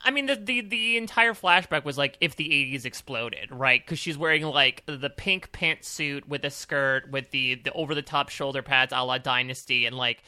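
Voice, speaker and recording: A man co-hosting a podcast, chatting excitedly about a TV episode. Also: medium pitch, normal speed, hardly any pauses, clear, resonant tone, no echo. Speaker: podcast co-host. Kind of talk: casual recap chat.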